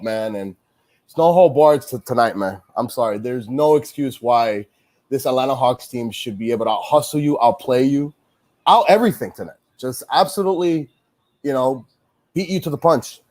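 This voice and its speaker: A man hosts a casual pregame-style sports show, venting his frustration, swearing and rambling through restarts. His voice is medium-pitched with a darkish tone, at a moderate pace.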